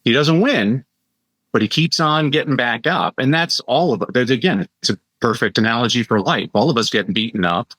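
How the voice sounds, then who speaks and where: A middle-aged man speaks as a podcast guest, telling stories with energy and quick asides. His voice sits at a medium pitch and sounds close and dry, with no room around it. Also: no room sound. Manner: animated storyteller, quick asides and impressions. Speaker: guest, educator and keynote speaker. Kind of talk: conversational podcast interview.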